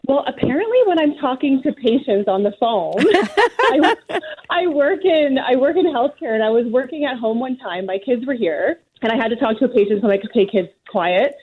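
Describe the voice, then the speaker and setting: Animated high-voiced woman caller. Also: moderate pace, breathy edge, phone-quality sound. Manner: animated, laughs through her story. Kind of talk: phone-in story.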